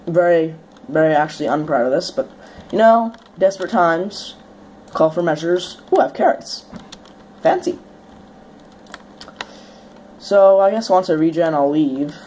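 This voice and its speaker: A woman's voice: fairly low pitch, measured pace, pauses often, darkish tone, slight background noise. A young woman hosting a gameplay video, chatting casually as she plays, swearing now and then and bursting into sudden shrieks when startled. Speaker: let's play host.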